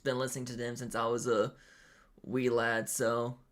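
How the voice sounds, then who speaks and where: A man's voice: mid-range voice, little pitch movement, normal speed, a bit bright. A young man, chatting casually to a live stream audience in a hesitant, filler-heavy way with nervous laughter.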